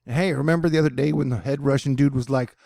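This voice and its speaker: A man's voice: medium pitch, steady tone, quick pace, creaky, mellow, no echo, clean studio sound. A man reading and joking through a news story in a casual commentary, rambling into asides.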